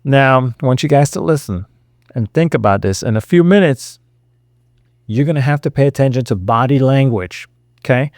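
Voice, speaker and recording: A man's voice: mid-range voice, normal speed, darkish tone, no room sound, studio quality. A man giving sarcastic reaction commentary, lecturing his viewers and acting out quotes.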